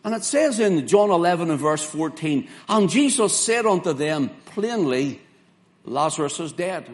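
A man delivers a sermon, earnest and emphatic, leaning hard on key words. His voice sits a little high for a man. He quotes scripture in old King James wording. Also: very animated. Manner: earnest, emphatic preaching with slow spelled-out words and dramatic quoted lines. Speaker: preacher.

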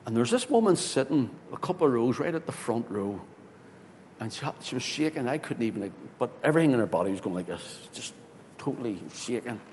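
A man, a pastor telling a story in a sermon, swinging from loud, excited bursts to hushed tones. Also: fairly quick. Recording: hall reverb with faint rumble.

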